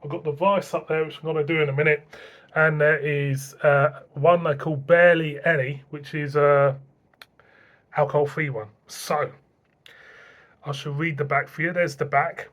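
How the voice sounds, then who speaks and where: A middle-aged man from England talks through a beer review in a loose, rambling way, chuckling now and then. His voice sits a little higher than most men's. He sounds like an easygoing home vlogger. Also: level tone, normal speed, dull audio. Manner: chatty, rambling, chuckles to himself. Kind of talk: casual beer review vlog.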